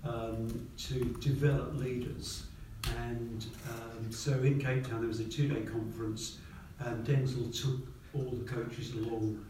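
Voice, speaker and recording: A man's voice: medium pitch, little pitch movement, measured pace, few pauses, dark tone, a little hiss or hum. A man explaining a funding project to a church audience, hesitant and full of fillers. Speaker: speaker at a church event. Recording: distant echoey hall.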